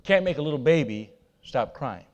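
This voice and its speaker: Pastor guy preaching, kinda high voice, gets loud then goes quiet, talks right to the church. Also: lively intonation, normal speed, dull audio. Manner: emphatic preaching with swings between loud declarations and quiet asides; laughs at himself, talks to the congregation. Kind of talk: sermon.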